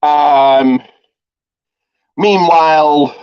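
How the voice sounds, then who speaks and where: A man's voice: fairly high pitch, drawn-out words, a little mellow, clear, resonant tone. A man casually retelling a movie's plot for a review, rambling with lots of ums and restarts. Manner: rambling, heavy on fillers and restarts. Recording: slightly dull lo-fi audio.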